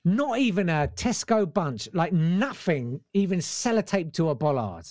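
An animated man tells a comic story in casual chat, and his pitch swings widely. He acts out the voices of other people. The sound is dry and close. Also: unhurried, no echo.

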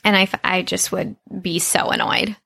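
A woman's voice: fairly low pitch, lively intonation, moderate pace, vocal fry, pushed and bright, breathy edge. A woman with a Southern US accent co-hosting a podcast in casual, chatty talk, laughing often. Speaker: podcast co-host. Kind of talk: casual chat.

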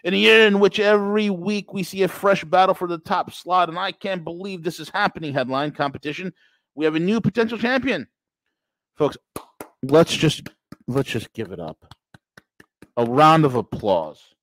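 A man's voice: sits high, lively intonation, normal speed, fairly bright tone, no room sound, low-quality recording. Sarcastic man ranting on a podcast. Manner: sarcastic, mocking, emphatic rants. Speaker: podcast host. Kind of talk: political commentary monologue.

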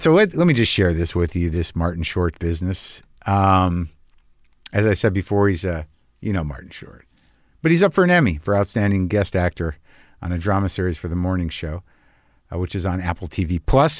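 A man's voice: sits low, expressive, fairly quick, no room sound. Profane rambling man, dry close sound. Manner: profane, wry, anxious rambling. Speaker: podcast host. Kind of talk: rambling casual monologue. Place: lives on the West Coast.

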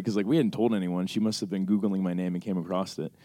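A man's voice: deep voice, quick pace, few pauses, dry recording. An American man telling a personal story at a live Q&A, acting out both sides of a talk with his mother. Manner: animated, acts out his mother's side of a talk. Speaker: panelist answering audience questions. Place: screening venue.

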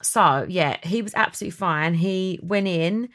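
A young woman hosting a podcast, chatty and dramatic in a casual chat. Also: a bit bright. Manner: chatty and dramatic, quick swings in pitch. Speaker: podcast host.

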